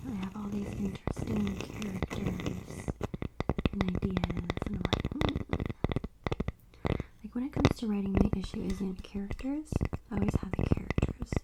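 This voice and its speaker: A young woman rambling in a soft-spoken ASMR style, slipping often into a whisper, at home in her apartment. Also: mid-range voice, very noisy. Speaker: ASMR creator. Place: apartment room. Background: faint tapping and scratching clicks.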